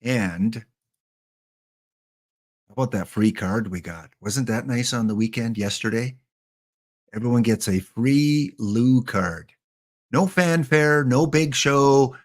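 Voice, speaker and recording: A man casually hosting a game live stream, chatting and joking with viewers by name. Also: medium pitch.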